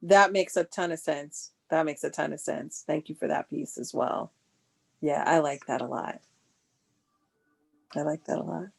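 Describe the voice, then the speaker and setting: A woman's voice: sits low, fairly even intonation, measured pace, vocal fry, long pauses, slightly rough. Chatty older woman on a call. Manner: chatty, laughing storyteller. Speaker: coaching guest. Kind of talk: casual conversation.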